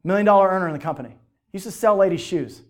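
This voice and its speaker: A man giving an animated motivational talk to a live audience, telling stories and checking in with questions. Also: high-pitched, rapid-fire. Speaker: speaker at a business team event.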